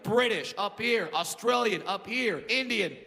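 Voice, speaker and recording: Loud high-voiced stand-up comedian. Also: male voice, measured pace. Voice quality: loud, animated, shouts punchlines. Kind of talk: stand-up routine. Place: live comedy venue with audience. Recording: live hall with crowd and background noise.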